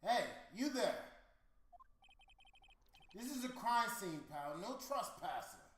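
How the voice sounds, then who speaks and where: A man voicing a gruff, blustering male police detective who barks orders and calls people pal, over game music in an echoey room. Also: sits high, sing-song, slow pace, fairly bright tone, pitched above the performer's own voice, exaggerated voice.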